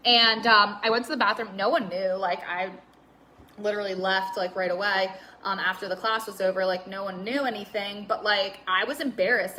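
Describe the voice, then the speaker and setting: A woman's voice: mid-range voice, brisk, bright, forceful tone, a little hiss or hum. A young woman talking candidly on a live stream, rambling with lots of filler words and some swearing. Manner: reads out viewer comments. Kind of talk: casual Facebook Live chat.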